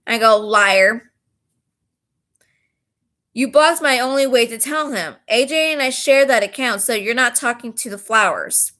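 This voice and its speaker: A woman's voice: a little high, normal speed, few pauses, fairly bright tone. A woman angrily recounting a text-message fight, cursing freely and reading the messages aloud. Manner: angry, profane, reads messages aloud. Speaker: storyteller vlogger.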